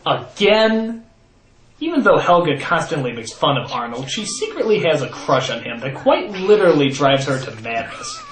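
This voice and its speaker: Sarcastic animated male reviewer. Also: fairly high pitch, normal speed. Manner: sarcastic, exaggerated outbursts. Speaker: comedy reviewer host. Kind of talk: comedic review narration. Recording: echoey voice over music.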